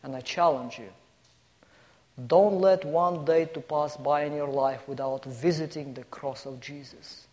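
This man's fairly high, darkish voice stays fairly even in intonation and moves a little slowly. As a guest preacher, he addresses a congregation with emphasis, building lists of points and weaving in a story, all under long hall reverb.

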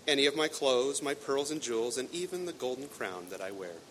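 A man's voice: animated, fairly quick, a bit bright, lightly acted. A man reading a sermon story and voicing a young, weepy, spoiled princess who pleads with a frog. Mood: pleading. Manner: pleading, then dismissive. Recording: echoey hall, faint rumble.

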